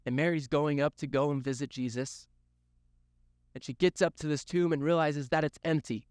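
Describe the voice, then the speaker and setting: A man's voice: mid-range voice, a little mellow, dry recording, clean studio sound. Earnest man preaching to young teens. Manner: earnest storytelling with repetition. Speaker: youth pastor. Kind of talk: sermon.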